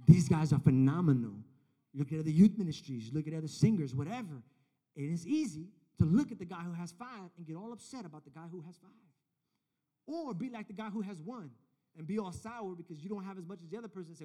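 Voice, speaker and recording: A man with a high-pitched voice delivers a lively youth sermon. He tells stories, acts out little back-and-forth dialogues, and climbs to loud, emphatic peaks. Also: fast talker. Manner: animated storytelling, acts out dialogue; builds to loud, emphatic climaxes. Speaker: youth pastor.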